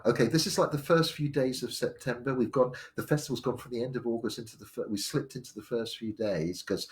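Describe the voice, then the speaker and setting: A man, telling his life story live, rambling with many fillers and restarts. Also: mid-range voice. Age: 60s. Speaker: storyteller sharing his memoir.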